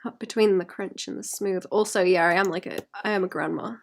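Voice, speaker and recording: A woman's voice: lowish voice, steady tone, fairly quick, creaky. A woman artist talking to her stream chat while painting, sweary and self-mocking, often muttering and whispering to herself. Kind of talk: live-stream chat with viewers.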